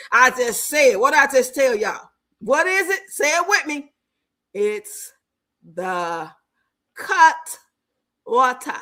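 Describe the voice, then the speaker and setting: An older woman hosting a livestream in casual chat, brassy and animated, often laughing, with speech. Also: high voice. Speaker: livestream host.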